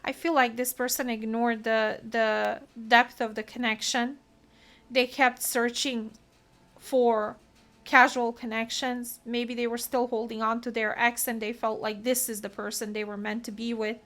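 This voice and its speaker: A woman's voice: fairly high pitch, little pitch movement, unhurried, fairly bright tone. A woman giving a solo tarot reading, talking earnestly and emotionally through what the cards mean. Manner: earnest, emotional, talks through card meanings. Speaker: tarot reader.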